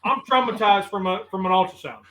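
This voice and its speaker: A middle-aged man with a high, bright voice tells a story on a podcast, lively and laughing as he goes. He is recorded in an echoey room. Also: fairly quick, a little hiss or hum. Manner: animated, laughing while telling a funny story. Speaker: guest. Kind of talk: casual storytelling chat.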